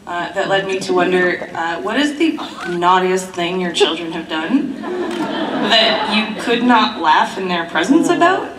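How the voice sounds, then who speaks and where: A woman's voice: fairly low pitch, lively intonation, measured pace. A woman in the audience hesitantly asking a question at a convention panel. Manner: hesitant, with fillers. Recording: echoey hall, far from the mic, crowd.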